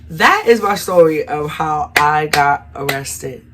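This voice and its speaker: A woman's voice: low voice, expressive, slow pace, slight background noise. A young adult woman telling a personal story to her viewers in a casual, chatty way, often calling them y'all. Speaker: vlogger.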